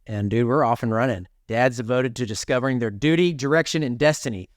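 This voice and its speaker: A man's voice: mid-range voice, a little fast, hardly any pauses, dry recording, clean studio sound. A man in his forties, a podcast guest telling his story with emphatic, preachy energy and casual slang. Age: 40s. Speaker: podcast guest, author and speaker.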